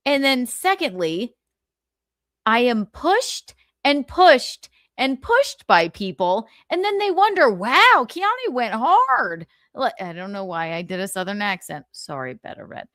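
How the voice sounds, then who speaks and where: Exasperated female streamer, casual profane rant, lively voice, dry close mic. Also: medium pitch, unhurried, smooth, no echo. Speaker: livestream host.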